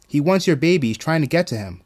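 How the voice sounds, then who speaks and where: A man's voice: a little high, expressive, quick pace, darkish tone, pitched above the performer's own voice, close to an everyday voice. A man voicing a stern older male guidance counselor who gives urgent commands. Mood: commanding.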